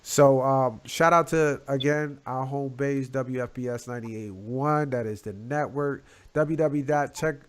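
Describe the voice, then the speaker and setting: A man in a relaxed talk-show chat, speaking in easy, slang-heavy sentences. His voice sits at an ordinary pitch, and he drifts between soft asides and louder shout-outs. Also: unhurried, hardly any pauses, clean tone. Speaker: podcast co-host. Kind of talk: casual chat.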